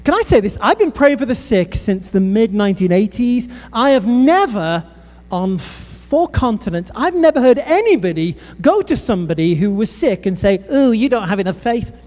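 A British man with a high-pitched voice preaches a sermon at normal speed, spinning funny stories and addressing the crowd directly with humorous asides. The long reverb of a large hall surrounds his lively storytelling.

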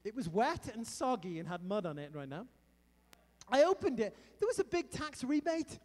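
Man, middle-aged, preacher, sermon, high voice, long hall reverb. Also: moderate pace. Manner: animated storytelling with emphatic outbursts.

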